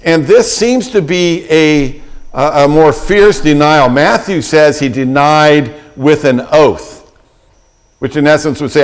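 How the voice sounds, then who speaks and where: A man's voice: fairly high pitch, expressive, unhurried. A middle-aged man preaching a sermon as pastor, retelling scripture with vivid, acted-out quotes and frequent restarts.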